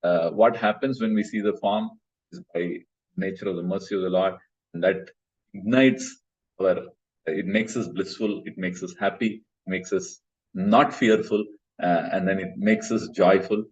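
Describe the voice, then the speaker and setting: A man's voice: low voice, fairly even intonation, unhurried, a little mellow, slightly rough. A man, teaching a scripture class over a video call and explaining in a patient, hesitant way with many fillers. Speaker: spiritual class speaker. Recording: muffled video call audio.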